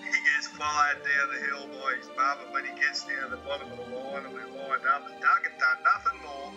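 A man's voice: mid-range voice, fairly even intonation, fairly quick, over music. Swearing Australian man ranting, lo-fi. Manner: crude, laughing, swearing storyteller. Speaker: guest. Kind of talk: casual podcast chat, storytelling rant.

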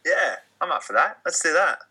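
Joking, relaxed Aussie co-host with a sharp, bright tone. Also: male voice, on the high side, brisk, breathy edge, low-quality recording. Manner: laid-back, joking. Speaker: podcast host. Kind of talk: casual podcast chat.

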